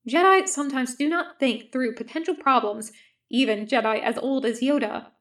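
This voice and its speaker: A woman reading the lines of a calm, stern male army medic who speaks formally, without contractions. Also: sits high, normal speed, close to an everyday voice.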